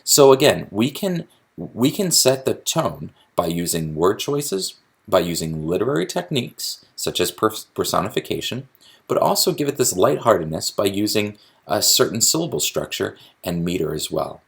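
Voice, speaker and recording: Male teacher, deep and husky, gravelly voice, explanatory lecture with restarts. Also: very animated, normal speed. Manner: explanatory, with frequent restarts and fillers. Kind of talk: recorded lecture on poetry.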